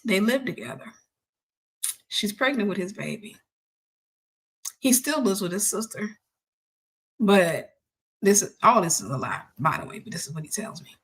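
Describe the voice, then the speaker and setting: Animated woman telling a story. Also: mid-range voice, moderate pace, pauses often. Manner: animated, laughing, acts out voices. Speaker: host. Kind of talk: personal storytelling testimony.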